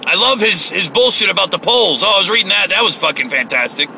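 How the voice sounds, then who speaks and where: A man's voice: high voice, expressive, quick pace, vocal fry, pushed and bright, a little hiss or hum, rough recording. A man giving a heated, profane, sarcastic political rant, recorded in a car. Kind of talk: ranting political monologue.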